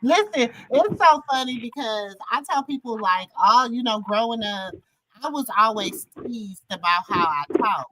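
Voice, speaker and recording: Host, woman with a Southern accent, bright clear tone, laid-back storyteller. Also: a little high, lively intonation, moderate pace, a little hiss or hum, poor audio. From Minnesota. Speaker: channel host. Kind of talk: casual live chat.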